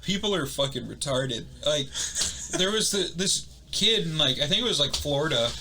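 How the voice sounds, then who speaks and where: A young man co-hosting a casual podcast, rambling through stories with quick asides and acted-out quotes. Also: a little high, lively intonation, noisy background. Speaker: podcast co-host. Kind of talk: casual chat.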